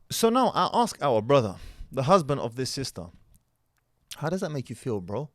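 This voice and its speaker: A man's voice: mid-range voice, sing-song, a little fast, no room sound, clean studio sound. A man giving opinionated commentary, lecturing emphatically with rhetorical questions and the odd Arabic word. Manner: scattered Arabic words in his speech. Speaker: online commentator.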